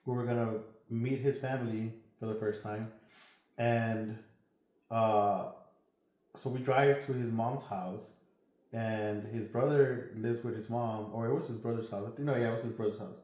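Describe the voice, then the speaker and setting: A man's voice: mid-range voice, steady tone, normal speed, a little mellow. A man hosting a podcast interview, chatting casually and sharing his own story. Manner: reactive, laid-back listener. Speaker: podcast host. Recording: echoey room.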